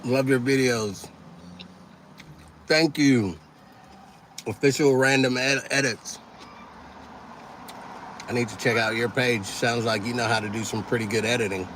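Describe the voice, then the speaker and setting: A man's voice: medium pitch, fairly even intonation, measured pace, pauses often, fairly bright tone, slight background noise. A man hosting a casual livestream, chatting easily with viewers and thanking them one by one. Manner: easygoing, thanks viewers by name, talks while eating. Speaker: livestream host.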